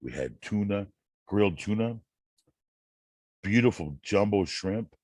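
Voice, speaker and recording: A man hosting a channel, reading self-help quotes and musing aloud in a slow, rambling way, often repeating words. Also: on the low side, expressive, a little mellow, no room sound. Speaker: channel host.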